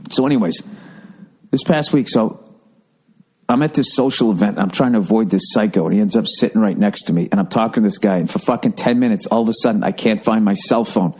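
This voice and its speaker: A man's voice: lowish voice, brisk, breathy edge. A man hosting a podcast, ranting through profane, rambling comic stories. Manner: profane, rambling, animated storytelling. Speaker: comedian and podcast host. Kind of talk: stand-up style podcast rant.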